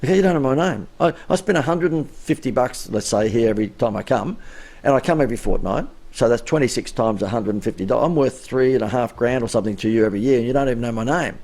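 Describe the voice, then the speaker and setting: Gravelly middle-aged Australian man telling stories. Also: medium pitch, expressive, fast talker, a little mellow. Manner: storytelling with cheeky rhetorical questions. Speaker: business marketing coach. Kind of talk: live-stream talk.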